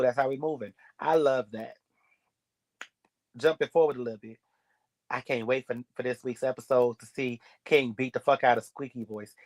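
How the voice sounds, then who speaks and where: A man giving a sassy, blunt, gossipy recap of a reality show episode. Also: mid-range voice. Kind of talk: casual recap commentary.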